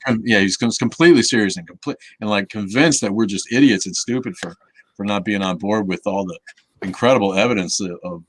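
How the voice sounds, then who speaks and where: A man's voice: low-pitched, slight background noise. A man hosting a live Q&A stream in casual chat, rambling and cursing, with many restarts and fillers, reading chat comments aloud.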